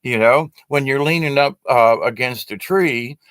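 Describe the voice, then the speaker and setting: Speaking at a measured pace into a webcam pointed at him, a man delivers a loose, meandering teaching to a live stream audience, stumbling over fillers and restarts. His mid-range voice is clear, resonant and fairly bright, with no room sound.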